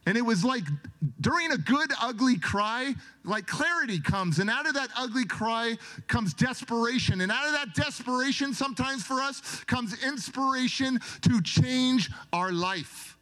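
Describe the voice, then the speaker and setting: Male motivational speaker, high voice, dramatic storytelling delivery. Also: animated, normal speed. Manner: storytelling, dramatic, swings from loud to soft. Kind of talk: emotional motivational speech.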